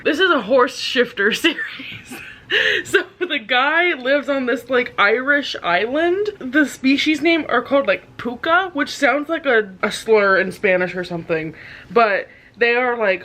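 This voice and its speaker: Bright-voiced sarcastic young woman vlogging. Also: medium pitch. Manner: sarcastic, laughing, rambling asides. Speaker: book vlogger. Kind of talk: casual vlog chat. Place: at home, in bed.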